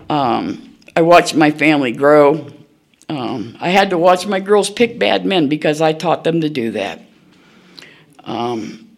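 An older woman, telling her own story at a recovery meeting in a blunt, folksy, candid way, laughing at herself. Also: deep voice. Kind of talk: personal storytelling share.

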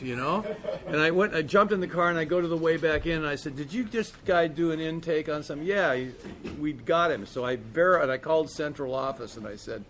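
A man's voice: fairly high pitch, brisk, a bit bright. A middle-aged man sharing a recovery story in a candid, rambling way, with lots of "man" and "you know". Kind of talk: storytelling talk.

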